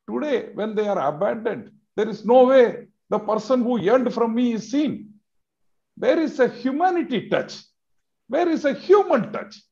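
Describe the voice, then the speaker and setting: A man's voice: high voice, highs cut off. A man with an Indian English accent, speaking emphatically in a discussion and firing off rhetorical questions. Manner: emphatic, rhetorical questions, rising to loud outbursts. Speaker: business advocate in a televised discussion. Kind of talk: impassioned discussion.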